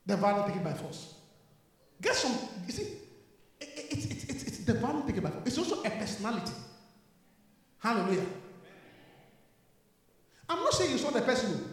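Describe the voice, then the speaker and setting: A man's voice: extremely high pitch, big pitch swings, normal speed, pauses often. A man preaching a sermon, emphatic, repeating his lines and calling out to the congregation. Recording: echoey hall with long reverb.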